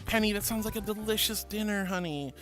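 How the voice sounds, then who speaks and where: Guy streamer with a high voice, super sweet to chat, calls everyone honey, goofy little noises. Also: a little fast, over loud music. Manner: playful, makes silly noises. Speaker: VTuber streamer. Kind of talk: casual chat reading viewer messages.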